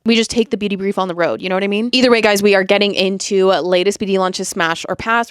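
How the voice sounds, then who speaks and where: A woman's voice: medium pitch, clear, resonant tone, dry recording, studio quality. A young woman with a Canadian accent hosting a casual beauty podcast, chatty and full of asides. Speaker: podcast host.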